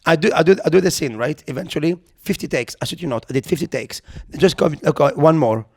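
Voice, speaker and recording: Podcast co-host, male, fairly high voice, animated comic storyteller who acts out quotes. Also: quick pace, husky. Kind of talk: casual comedic storytelling. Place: podcast recording.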